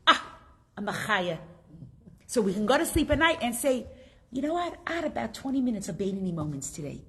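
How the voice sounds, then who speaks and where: A woman teaching a class, telling a story and asking her students questions in a lively way. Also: a little high.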